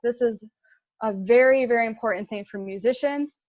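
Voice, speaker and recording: A woman's voice: a little high, normal speed, a little mellow, dry recording, lo-fi sound. A young woman giving a casual intern presentation, chatty, with fillers and laughs at her own slips.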